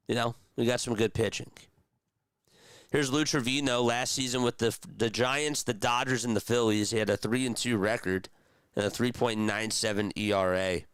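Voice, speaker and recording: Smooth low-voiced male play-by-play streamer. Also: a bit bright, no echo. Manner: chatty, rambling asides between calls, talks to chat. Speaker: streamer doing radio-style play-by-play. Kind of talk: casual live-stream play-by-play commentary.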